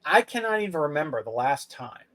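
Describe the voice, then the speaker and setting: A man co-hosting a casual podcast, teasing his partner and cutting in with quick questions. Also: fairly high pitch, big pitch swings, a bit bright. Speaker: podcast co-host.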